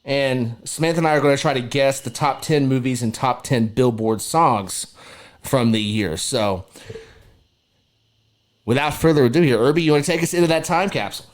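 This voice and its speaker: A man hosting a casual sports podcast, relaxed and chatty, who laughs often. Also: mid-range voice, normal speed. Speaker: podcast host.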